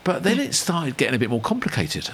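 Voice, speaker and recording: A man's voice: medium pitch, wildly swooping pitch, quick pace, a bit bright, slight background noise. An English man hosting a casual radio chat, rambling and teasing his co-host. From England.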